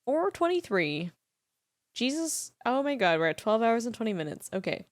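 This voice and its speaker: A fairly high, very animated young woman speaks at a moderate pace on a livestream, chatting with and reading to her viewers, with no room sound. She is emotional and gushing, laughing a lot and close to tears.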